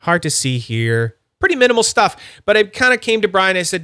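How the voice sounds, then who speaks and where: Chatty man with a bright, crisp voice. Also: high voice, big pitch swings, a little fast, dry recording. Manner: rambling, filler-heavy, chatty. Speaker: fidget toy reviewer. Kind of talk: casual unboxing chat.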